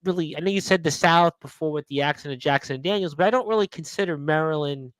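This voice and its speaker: Smooth-voiced male radio host. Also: a little high, quick pace, dry recording, low-quality recording. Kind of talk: interview radio talk.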